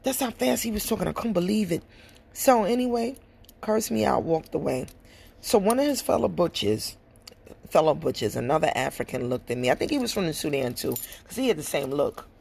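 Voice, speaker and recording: A woman's voice: deep voice, lively intonation, fairly quick, vocal fry, a little mellow, husky. A woman hosting a podcast, telling a personal story bluntly and with frank profanity. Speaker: podcast host. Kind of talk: casual storytelling monologue.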